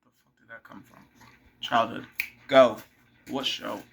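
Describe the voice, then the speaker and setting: A man's voice: mid-range voice, fairly even intonation, measured pace, vocal fry, a bit bright, slight background noise. A young man rambling casually to camera, swearing freely and talking to his dog between thoughts. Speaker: vlogger.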